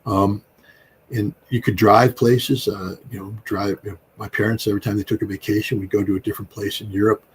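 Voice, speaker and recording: A middle-aged American man talks through political commentary in a rambling, emphatic way, full of fillers and restarts. His voice sits a little low, and faint noise hums behind him. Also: level tone, a little fast. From United States. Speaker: guest commentator.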